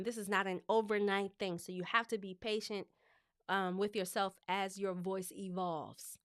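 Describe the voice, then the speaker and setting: A woman hosting a live show as a speech coach, talking in a lively, expressive, conversational way. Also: mid-range voice, moderate pace, clear, resonant tone, no echo, studio quality.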